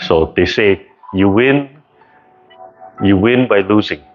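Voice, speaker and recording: A man's voice: on the low side, slow pace, faint music behind. A man teaching tai chi in a casual, conversational way, often tagging his points with "right?". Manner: conversational, keeps asking "right?", acts out quoted voices. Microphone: video call. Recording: muffled video call audio.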